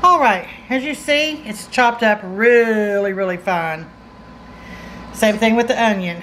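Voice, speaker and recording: A woman's voice: fairly high pitch, unhurried, a bit bright, a little hiss or hum, low-quality recording. A middle-aged woman with a Southern US accent, chatting folksily while demonstrating a recipe in her home kitchen. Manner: folksy, chatty, says y'all. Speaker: cooking channel host. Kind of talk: casual cooking demonstration.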